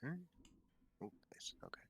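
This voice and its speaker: A man's voice: moderate pace, a bit bright, no room sound, whispered. A man playing a tabletop game, inquisitive and a little hesitant, asking the game master questions. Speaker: player. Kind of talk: casual tabletop role-play.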